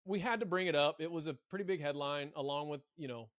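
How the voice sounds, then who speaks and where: A man co-hosting a casual college sports podcast, animated and stumbling over repeated words as he talks. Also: a little high, quick pace, no room sound, studio quality. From Arkansas. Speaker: podcast co-host.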